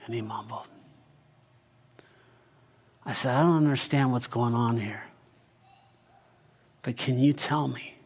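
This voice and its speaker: A man narrates a Bible story from inside a character's shoes, speaking slowly and deliberately. His voice is very breathy and airy, and it often sinks to a hushed whisper. His pitch sits in an ordinary middle range. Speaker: storyteller in first person as a biblical figure. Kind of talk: dramatic first-person Bible monologue.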